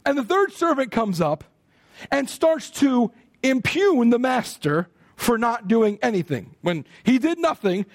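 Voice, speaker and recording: High, lively American preacher. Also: male voice, unhurried, dry recording, studio quality. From United States. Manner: animated storytelling, acting out quoted speech. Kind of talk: sermon.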